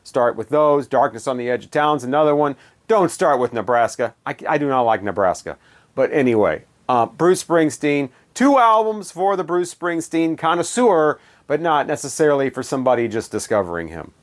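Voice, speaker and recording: A man's voice: medium pitch, expressive, normal speed. A man reviewing albums in a casual, rambling way with many fillers and wry asides. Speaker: music reviewer.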